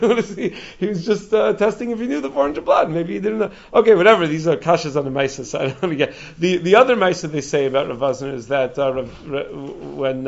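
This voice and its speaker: A man telling stories in a Torah talk, animated, chuckling and often restarting his sentences. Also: a little high. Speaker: speaker giving a Torah talk. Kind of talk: storytelling talk. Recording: dull lo-fi recording.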